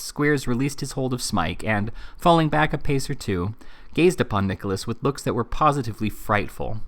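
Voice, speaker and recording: Low-voiced man reading a classic novel. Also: brisk, creaky, fairly bright tone. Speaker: reader.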